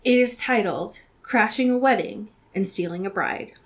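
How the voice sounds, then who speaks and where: With a Pacific Northwest American accent, a female podcast co-host reads fan fiction out loud, landing dry comic beats and laughing a lot. Her mid-range voice is animated and moves at a moderate pace.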